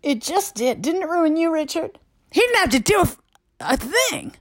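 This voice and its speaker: High, swooping, hoarse old stage diva, impression by a woman, rambling and theatrical. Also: big pitch swings, normal speed, dry recording, clean studio sound. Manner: rambling, dramatic, drifts between topics, drops to a whisper. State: hoarse, tired. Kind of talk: comic voicemail impression. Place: lying in bed at home.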